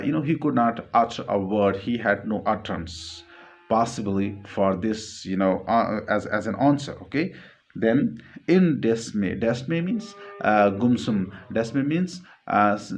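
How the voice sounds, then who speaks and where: Male teacher explaining a story, repetitive. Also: fairly low pitch. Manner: repetitive, glossing words, many fillers. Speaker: literature teacher. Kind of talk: classroom lecture explaining a story.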